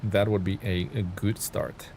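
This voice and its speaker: Guy streaming a truck game, deep-ish voice, chuckles a lot, talks to chat. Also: little pitch movement, a little slow, a little mellow, slight background noise. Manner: chatty, greets and thanks viewers, thinks aloud with ums and chuckles. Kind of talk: live gameplay stream commentary.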